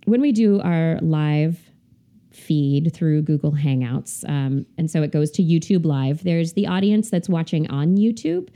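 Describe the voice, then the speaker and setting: A woman with a mellow, low-set voice speaks as a podcast guest. She sounds relaxed and thoughtful, with a few hesitations. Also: unhurried. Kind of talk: casual chat.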